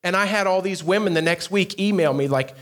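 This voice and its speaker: A man, a pastor, telling a funny story in a youth sermon, animated and often laughing, with quick asides to his listeners. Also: high-pitched.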